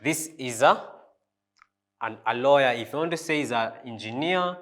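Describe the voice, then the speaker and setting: A man teaching a French lesson, repeating each phrase slowly and spelling out the pronunciation. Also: mid-range voice, animated, a bit bright. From Africa. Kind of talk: language lesson.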